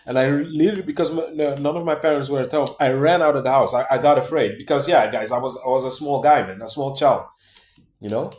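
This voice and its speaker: A man's voice: medium pitch, fast, darkish tone. Rambling man, echoey room. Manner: rambling, many fillers and restarts, keeps saying man and guys. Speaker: vlogger. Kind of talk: casual monologue to camera.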